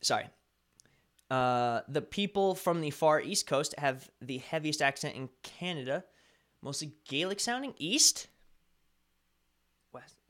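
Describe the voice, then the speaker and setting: Chatty, bright-voiced American man. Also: fairly high pitch, lively intonation, measured pace, long pauses. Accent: slight Colorado American. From Colorado, USA. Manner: rambling, self-correcting, chatty. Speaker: live stream host. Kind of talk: casual chat answering viewer chat.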